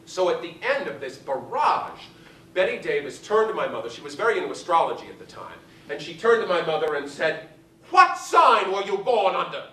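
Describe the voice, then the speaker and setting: A man spins gossipy stories onstage in a lively, sing-song delivery full of theatrical flair. He is heard from a distance in an echoey theater, with a faint hiss underneath. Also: on the high side, brisk. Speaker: solo stage performer. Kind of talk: live stage storytelling. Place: theater stage, live audience.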